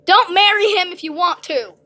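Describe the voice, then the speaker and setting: A woman's voice: extremely high pitch, normal speed, pushed and bright. Woman doing a bossy, scolding wife. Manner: exasperated, scolding.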